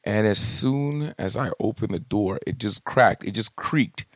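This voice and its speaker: A young adult man hosting a podcast, telling comic stories about his kids in an animated, jokey way and swearing casually. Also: on the low side, unhurried, no room sound, clean studio sound. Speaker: podcast host. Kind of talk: comedic storytelling monologue. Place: home studio room.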